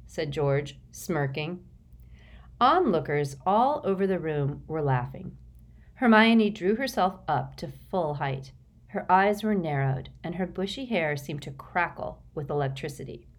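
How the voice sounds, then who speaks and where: Audiobook narrator: woman, low voice, slow, lively delivery. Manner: expressive, measured storytelling.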